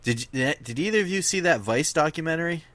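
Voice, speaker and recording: A man's voice: fairly high pitch, animated, fast, fairly bright tone, no room sound. A man co-hosting a casual podcast chat, eagerly jumping in with questions and explanations. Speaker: podcast co-host.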